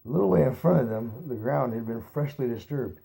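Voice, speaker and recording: A man reads a novel aloud in a relaxed, amateur way, backing up to correct his stumbles. His voice is mellow and warm, at a middle pitch for a man. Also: fairly quick, creaky. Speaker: reader.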